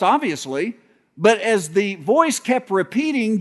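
A man who is a pastor, preaching a sermon with folksy storytelling, humor, and some halting restarts. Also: sits high, big pitch swings, fairly bright tone. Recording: long hall reverb.

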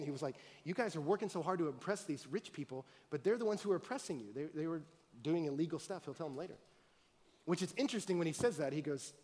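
A man preaching a sermon as pastor, telling a story with animated swings between loud excited bursts and quiet earnest talk. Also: fairly high pitch. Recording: long hall reverb.

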